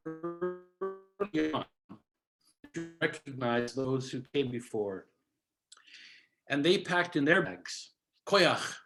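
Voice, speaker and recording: Telling a measured, instructive story on a video call, a Canadian cantorial soloist in his seventies slips in Yiddish words. His voice is on the high side with a fairly bright tone.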